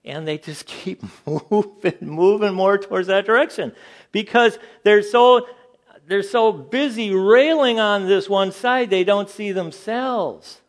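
An older man speaks slowly through an informal Bible class sermon, recounting stories with animation; incredulity pushes his pitch up, while his asides come out low and quiet.

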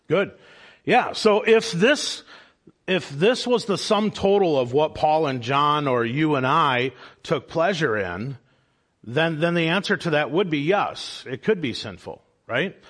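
A man's voice: a little high, fairly bright tone. A man, father of a young child, teaching a church Bible study class in an earnest manner and posing questions to the group. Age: adult father of a young child.

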